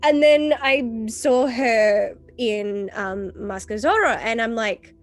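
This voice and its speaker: A woman's voice: on the high side, slow pace, few pauses, soft background music. A woman hosting a casual chat, talking expressively and acting out her own reactions. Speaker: host.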